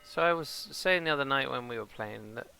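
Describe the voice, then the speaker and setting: Fairly quick and mid-range, this man's voice is pushed and bright with vocal fry, and there is slight background noise. He streams games from a home green-screen setup, a father with a son who comes from England and speaks British English. Chatting casually, he rambles and talks back to the characters.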